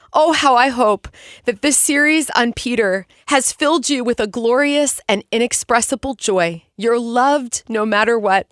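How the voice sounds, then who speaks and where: A woman's voice: fairly high pitch, measured pace, a bit bright, no room sound, clean studio sound. A woman hosting a devotional podcast, reading Bible passages and teaching in an earnest, exclaiming way, speaking straight to the listener.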